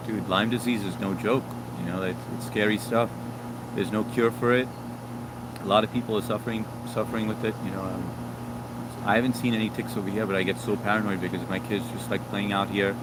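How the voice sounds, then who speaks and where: A man with a low voice hosts a casual live stream outdoors, chatting in a loose, laid-back way as he reads comments aloud. Traffic and general city noise come through clearly behind him. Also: steady tone, a little fast. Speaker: live stream host reading chat. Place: outdoors near a yard with brush.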